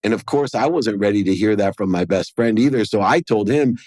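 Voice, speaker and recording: A man with a somewhat low voice tells a personal story as a podcast guest. He speaks earnestly and acts out the lines of the people in his tale. The sound is close and dry, with no room echo. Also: fairly quick, few pauses, darkish tone.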